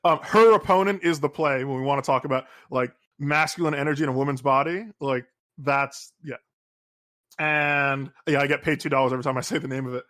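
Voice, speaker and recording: A man's voice: mid-range voice, steady tone, brisk, fairly bright tone. A man co-hosting a podcast, chatting casually about politics with dry humor and lots of filler words. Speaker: podcast co-host.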